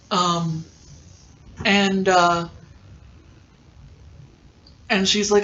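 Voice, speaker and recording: A podcast host talks through a TV episode in a loose, casual recap, stopping often for filler ums. The pitch sits in a middle range. The recording is a little dull, with a faint hiss behind it. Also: flat delivery, slow pace, long pauses. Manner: rambling, many filler ums.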